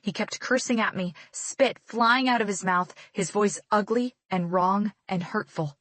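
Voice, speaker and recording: A woman narrating a first-person novel with tense, dramatic delivery. Her voice sits at a medium pitch, recorded dry and close. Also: unhurried, few pauses, fairly bright tone, no room sound. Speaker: audiobook narrator.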